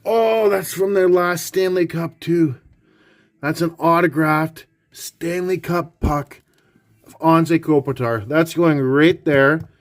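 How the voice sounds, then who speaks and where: A man hosting a card-collecting vlog, chatty and rambling, swinging from hushed awe to loud excited outbursts. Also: a little high. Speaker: card-collecting channel host.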